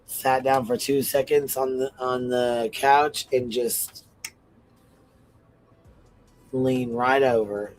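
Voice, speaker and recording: A man's voice: medium pitch, level tone, slow, long pauses, soft background music, rough recording. A man speaking as a panel guest on a livestream, talking loosely and rambling with plenty of swearing. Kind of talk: casual livestream chat.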